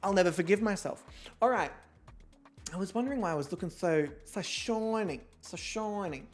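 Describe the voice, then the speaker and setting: A young man with a high voice hosts a model-show game at a moderate pace, chatting casually in a campy, self-mocking style and swearing a lot. It's relaxed gameplay commentary with soft music in the background.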